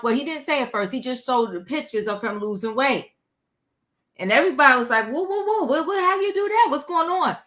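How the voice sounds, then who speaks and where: A woman's voice: high voice, sharp tone. A woman hosting a casual commentary livestream, chatty and slangy, greeting her viewers and exclaiming as she goes. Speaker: livestream host.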